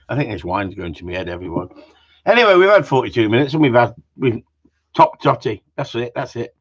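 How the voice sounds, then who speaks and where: This live Q and A host speaks in a slightly rough mid-range voice, very animated and brisk. Chatting casually on stream, he rambles, jokes, curses freely, and ends remarks with tag questions, all captured in muffled lo-fi sound.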